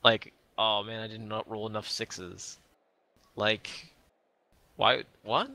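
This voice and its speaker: A man's voice: fairly low pitch, little pitch movement, slow pace, creaky, pushed and bright, no room sound. A man in casual chat with friends on a game stream, rambling and searching for words. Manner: rambling, hesitant.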